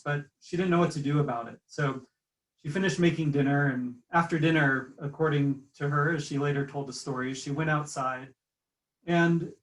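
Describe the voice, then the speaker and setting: Slightly high-voiced male storyteller, echoey. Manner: measured storytelling with frequent fillers, reading aloud from a book. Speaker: guest speaker. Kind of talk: storytelling lecture. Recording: roomy sound from a distant mic.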